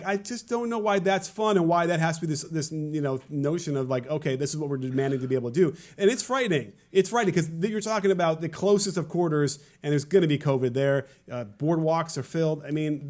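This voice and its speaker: A man's voice: on the high side, fast, few pauses, darkish tone. A man co-hosting a casual political podcast, musing wryly and repeating words as he thinks. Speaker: podcast co-host.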